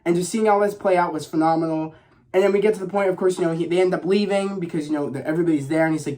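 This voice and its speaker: A young man vlogging a casual movie review, excited and rambling, with lots of fillers and swearing. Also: fairly high pitch, very fast.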